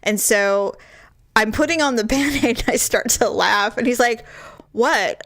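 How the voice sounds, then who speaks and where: A woman's voice: fairly high pitch, unhurried, a bit bright, no room sound, studio quality. A woman in her forties co-hosting a podcast, telling a story in casual chat, acting out quoted voices and laughing often. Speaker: podcast co-host.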